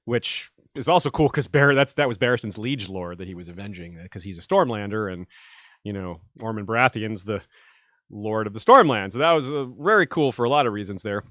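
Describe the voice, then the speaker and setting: A man's voice: fairly low pitch, expressive, brisk, a bit bright, no room sound, clean studio sound. A man hosting a casual podcast chat, rambling with many fillers and chuckles. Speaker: podcast host.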